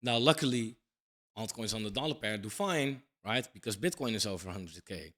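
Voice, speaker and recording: Brisk and animated, a man in his thirties with a fairly low, slightly bright voice delivers casual crypto commentary to camera. His monologue is blunt and emphatic, laced with casual swearing and repeated "right?" tags.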